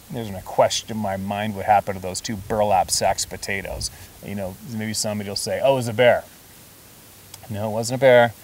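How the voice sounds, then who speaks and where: A man with a fairly low voice tells stories in a loose, chatty way, pressing hard on his points. He sits a little back from the microphone, and a faint hiss runs under the recording. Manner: chatty, emphatic, laughs while telling. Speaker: storyteller. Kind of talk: casual storytelling. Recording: distant mic with faint hiss.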